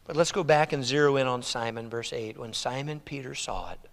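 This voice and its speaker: A man preaching a sermon in an animated, exclamatory way, swinging between loud declarations and hushed passages. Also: mid-range voice, a little fast. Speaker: pastor. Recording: echoey hall reverb.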